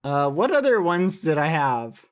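Slow, jokey male streamer. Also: on the high side, very animated. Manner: rambling, jokey. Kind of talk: casual live-stream chat.

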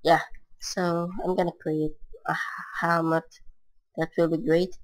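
Over a rough recording, a woman gamer talks through her gameplay in a rambling, casual way, using broken non-native English and many filler words. Her voice is low-pitched with little pitch movement, and she speaks a little slowly.

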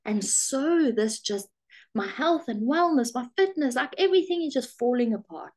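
A middle-aged woman life coach talking straight to her viewers, animated and acting out her own thoughts in quotes. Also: high voice, moderate pace. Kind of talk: direct-to-camera coaching talk.

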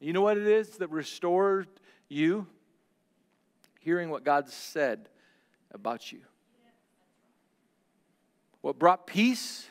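A male pastor preaching a sermon, swinging between loud declarations and hushed, slow lines. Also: sits high, animated, big-room sound.

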